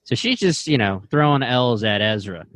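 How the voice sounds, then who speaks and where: A man's voice: mid-range voice, expressive, moderate pace, a bit bright, no room sound. A man co-hosting a casual podcast, laid-back, using casual slang. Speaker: podcast co-host. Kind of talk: casual chat.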